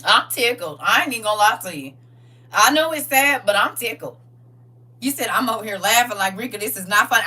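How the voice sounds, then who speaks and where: A woman hosting a casual livestream, reading viewer comments aloud and reacting with animated, laughing slang. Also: a little high, fairly quick, slightly rough, recorded from a distance. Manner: animated, laughing, talks back to chat with slang. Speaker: livestream host.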